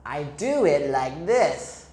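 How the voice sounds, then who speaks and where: A man's voice: a little high, very animated, slow pace, a little mellow. A man voicing a sleepy female goat who hums dreamily before she answers. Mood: dreamy. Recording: echoey room.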